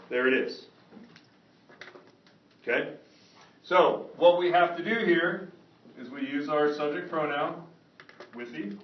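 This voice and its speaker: A man's voice: fairly high pitch, unhurried, long pauses, a little hiss or hum. A man teaching a Spanish grammar lesson to a classroom and often asking if students follow. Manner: lively, checks understanding often. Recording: echoey classroom, far from mic, dull.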